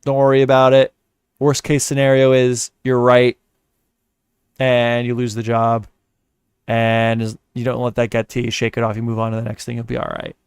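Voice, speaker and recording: A man's voice: medium pitch, completely flat delivery, normal speed, clear, resonant tone, dry recording, clean studio sound. A man hosting a livestream, telling stories and giving blunt advice in a rambling, profane, offhand way. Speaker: livestream host. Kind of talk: casual livestream chat.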